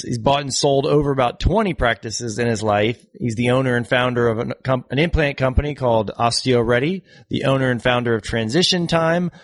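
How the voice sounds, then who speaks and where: A man's voice: medium pitch, dry recording. Guy in his 40s hosting a podcast, super upbeat and chatty, dry no-room sound. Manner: enthusiastic, chatty, laughs easily. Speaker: podcast host. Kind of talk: casual interview chat.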